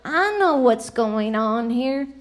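A woman's voice: a little high, expressive, slow. A woman doing a dim, smug male president.

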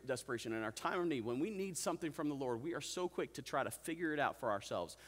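A man's voice: mid-range voice, fairly bright tone, long reverb tail. A man preaching a sermon, earnest and calling out "Amen?" to the congregation, with amused asides. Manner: calls out "Amen?" and asks the congregation questions. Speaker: pastor. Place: church sanctuary.

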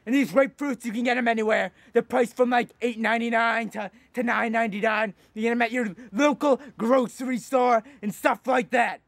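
A man's voice: very high voice, fairly even intonation, fairly quick, creaky, hardly any pauses, a bit bright, dry recording, exaggerated voice. A man playing a hot-tempered, boastful eighty-year-old food reviewer who rambles and rants, repeating himself as he goes. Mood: ranting. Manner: rambling, ranting, repeats "let me tell you something". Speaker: comedy YouTuber in character. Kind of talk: comedic character monologue.

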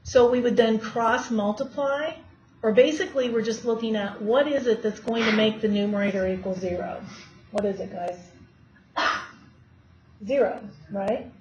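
A woman's voice: on the high side, fairly even intonation, moderate pace, darkish tone. A woman math teacher giving a classroom lecture and quizzing her students as she works through problems. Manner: asks students questions while working problems. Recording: dull lo-fi classroom recording, faint hiss.

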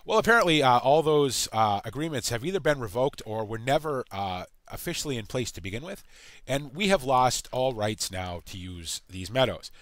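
An American man giving rambling let's-play commentary, halting and full of fillers. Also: mid-range voice, animated, a bit bright, no room sound. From United States. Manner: halting, full of uh and you know. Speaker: gaming channel host.

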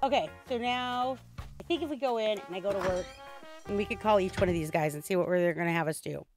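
A woman streaming a video game, chatting casually in an excitable, rambling way with frequent restarts. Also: mid-range voice, fast talker, faint music behind. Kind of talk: casual game livestream chat.

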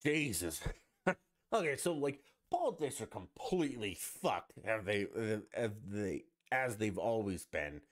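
A man's voice: fairly low pitch, sing-song, measured pace. A man hosting a solo podcast, ranting in a profane, sarcastic and rambling way. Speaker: podcast host.

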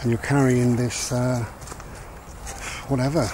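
This dog-walking vlogger talks through life lessons outdoors, his medium-pitched voice level, a little mellow and a little slow. The monologue is casual and meandering, reflective, and returns repeatedly to his key points, with slight background noise.

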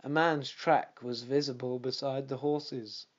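A man narrating a classic detective audiobook in a steady, measured way. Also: medium pitch, dull audio.

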